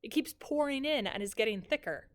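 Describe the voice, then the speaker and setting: A woman teacher reading the first chapter of a novel aloud in measured, even storytelling. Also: a little high.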